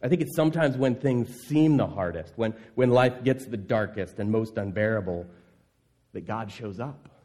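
A man preaching a sermon as pastor, earnest, asking the congregation questions and sinking into a soft, low voice on key words. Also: expressive, moderate pace.

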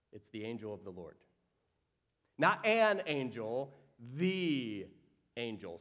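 A man preaching a sermon, reading scripture aloud and acting out the characters with sudden jumps in pitch and volume. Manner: animated, acts out quoted voices with big swings in pitch and volume. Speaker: pastor.

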